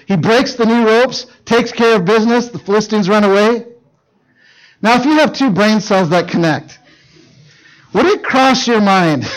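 A man preaching to teenagers, telling a Bible story in a jokey, animated way and acting out the characters in quick voices. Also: sits high, rough recording. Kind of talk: youth sermon storytelling.

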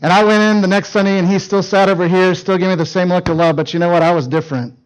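A middle-aged man preaching to teens with a high, light voice. He tells personal stories with lots of energy, dropping to a near hush for serious points and then climbing into loud, excited bursts. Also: fast, smooth, low-quality recording. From northern Minnesota. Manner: animated, shifts from hushed to loud shouting in stories. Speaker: youth speaker. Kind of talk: storytelling sermon.

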